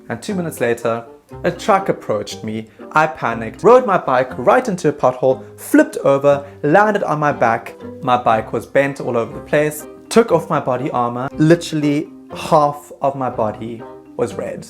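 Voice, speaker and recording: A man's voice: mid-range voice, soft background music. Self-mocking man telling a travel story. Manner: animated, self-mocking, jumps into quick put-on voices. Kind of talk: comedic travel story vlog.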